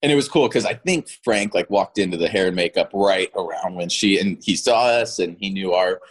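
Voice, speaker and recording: A man in his thirties talks as a guest in a relaxed interview. His voice sits somewhat low, and he laughs easily as he tells his stories, often restarting his sentences as he goes. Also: brisk, slightly rough. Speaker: actor guest. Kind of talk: casual interview chat.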